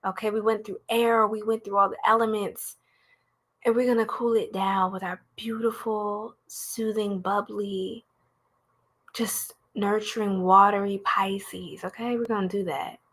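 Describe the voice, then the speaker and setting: A woman's voice: mid-range voice, steady tone, unhurried, fairly bright tone. A young woman, doing a live tarot reading in a playful, goofy, slangy way and laughing often. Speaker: tarot reader.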